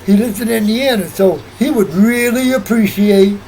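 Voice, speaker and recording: A man's voice: high voice, moderate pace, a little mellow, slight background noise, low-quality recording. A man vlogging in a rambling casual monologue, often repeating himself and restarting sentences.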